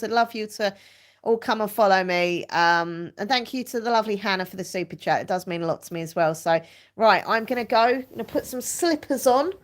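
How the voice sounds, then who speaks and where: A woman with a British accent chatting casually with viewers on a live stream from her front room. She rambles, restarts her sentences and uses lots of fillers. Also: a little high. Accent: British English.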